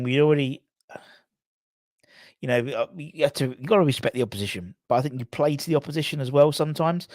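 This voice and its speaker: A man's voice: medium pitch, darkish tone, no room sound, studio quality. A man hosting a football fan channel in a casual live stream, greeting viewers and reading out their comments. He rambles, hedging with many restarts.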